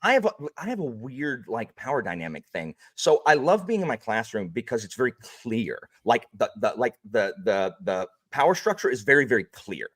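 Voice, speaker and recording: A man who is a teacher, chatting energetically as a podcast guest, joking and animated. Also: mid-range voice, normal speed, few pauses, dry recording, clean studio sound. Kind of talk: casual podcast chat.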